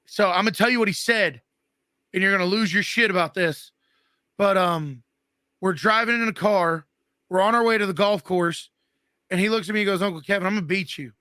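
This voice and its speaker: A man's voice: high-pitched, sharp tone, no room sound, studio quality. A man in his thirties, guest host, telling crude, joking stories in a casual chat. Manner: profane storytelling, quick and joking.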